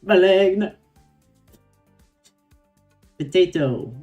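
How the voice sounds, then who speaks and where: A woman's voice: fairly low pitch, lively intonation, a little mellow, faint music behind. A woman voicing a fussy male head chef in a put-on French accent, stumbling through it. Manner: halting, stumbling over the accent.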